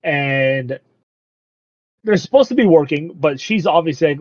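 A man's voice: fairly high pitch, expressive, darkish tone, no echo. Man, casual recap, laughs often, acts out quotes, dry close sound, lo-fi. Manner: laughs often, acts out the characters' lines in quick asides. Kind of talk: casual chat recapping an anime. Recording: dull lo-fi dry recording.

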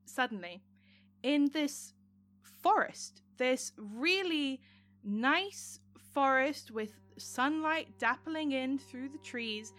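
Bright-voiced woman narrating as game master. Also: high voice, lively intonation, soft background music. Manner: descriptive, unhurried scene-setting.

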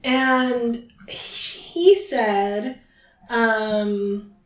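A woman hosting a podcast, casually retelling a book chapter in chatty, animated fashion. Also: fairly high pitch, drawn-out words. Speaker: podcast host. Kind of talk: casual book recap chat. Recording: roomy, distant from mic.

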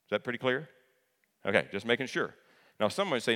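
Conversational preacher in a reverberant hall. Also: male voice, lowish voice, sing-song, fairly quick. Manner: conversational, repeats key phrases for emphasis. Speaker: pastor. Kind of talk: sermon.

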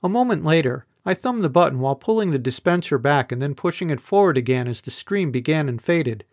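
A man narrating a first-person novel in an even, measured reading voice. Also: a little high, no room sound, studio quality. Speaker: audiobook narrator.

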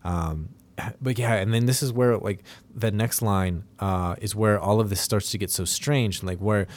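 A man's voice: lowish voice, moderate pace. A man co-hosting a podcast, casually talking through a film with many fillers and restarts. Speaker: podcast co-host.

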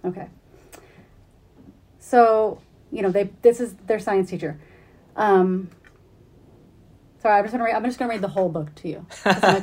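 A woman's voice: mid-range voice, fairly quick, pauses often, a little mellow. A woman interviewing an author, talking in an enthusiastic way and laughing often. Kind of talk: casual interview.

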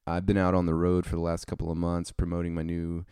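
A man's voice: low voice, completely flat delivery, fast talker, a little mellow, clear, resonant tone, no echo, studio quality. A man hosting a podcast, chatting casually and rambling, with lots of fillers. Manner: easygoing, rambling with many fillers. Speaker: podcast host.

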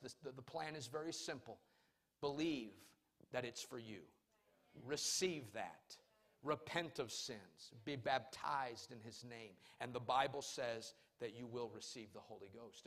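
A male pastor preaching a sermon in church. He swings between loud, emphatic calls and quiet, personal storytelling. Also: medium pitch, moderate pace.

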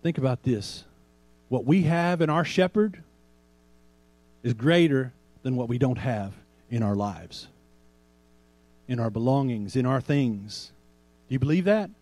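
A man pastor preaching a sermon in a conversational way, asking rhetorical questions and slowing down to stress quoted scripture. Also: mid-range voice, animated, a little mellow, no room sound.

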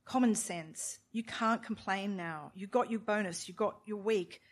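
A woman's voice: mid-range voice, measured pace, lightly acted. A woman reading a novel aloud, voicing a pregnant young wife who speaks with a scornful, exasperated edge.

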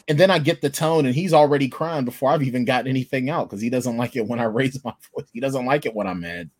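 A man's voice: medium pitch, fast talker, breathy edge. A man chatting casually and telling stories with lots of laughter. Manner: animated, laughing storyteller. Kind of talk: casual chat.

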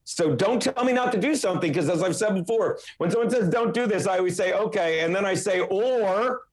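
Ranting high-voiced man. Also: fast. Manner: profane, emphatic, ranting. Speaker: podcast host. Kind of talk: heated casual chat.

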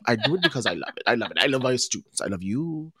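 A man's voice: medium pitch, very animated, unhurried, a bit bright, no room sound. A man imitating an elegant older female Italian professor who scolds fondly and repeats herself. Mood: doting.

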